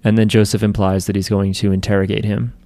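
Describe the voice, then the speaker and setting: A man's voice: lowish voice, level tone, fast talker, dark tone. Joking male podcast co-host. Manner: joking, acts out characters' lines. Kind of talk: casual chat recapping an anime.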